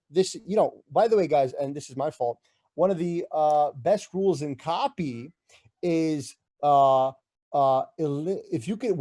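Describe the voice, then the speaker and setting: A man giving an energetic motivational presentation, loud and punchy with bursts of emphasis, talking straight to his audience. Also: a little high. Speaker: summit presenter. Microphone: video call.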